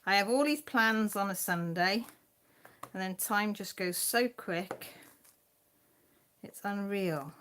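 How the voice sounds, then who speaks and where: Woman, English accent, casual live chat host, rambling, laughs easily, middle pitch. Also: fairly bright tone, slight background noise. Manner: chatty, rambling, quick to laugh. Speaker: craft channel host. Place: at home.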